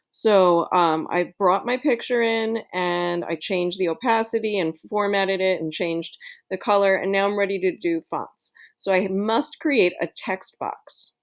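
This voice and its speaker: A woman teacher giving a screen-recorded tutorial to her students in a friendly, chatty way, with plenty of fillers. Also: lowish voice.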